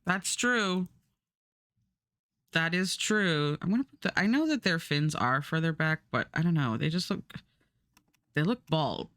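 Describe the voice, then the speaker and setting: A woman's voice: sits low, big pitch swings, moderate pace, no echo. A woman streamer chatting casually while she draws, rambling and laughing often. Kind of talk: casual live-stream chat while drawing. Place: home streaming setup.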